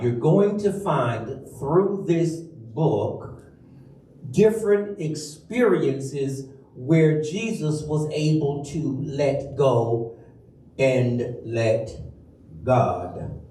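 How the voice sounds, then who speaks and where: A man delivers a sermon at a slow, deliberate pace, leaning hard on single words and drawing the congregation into call-and-response. His voice sits somewhat high. The sound comes from a distance, ringing through a reverberant church. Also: lively intonation, warm tone. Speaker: minister. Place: church sanctuary. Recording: echoey church from far off.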